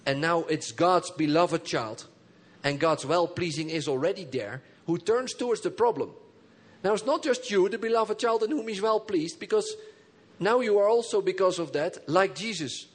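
A pastor delivers an emphatic sermon in a notably high voice for a man. He keeps calling out to his congregation for answers and repetition. His phrases drop low and soft, then rise in sudden bursts. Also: animated, moderate pace. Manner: engages the congregation with call and response.

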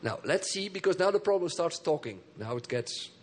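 A man preaching a sermon in an animated way, often laughing and repeating his words. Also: on the high side, normal speed.

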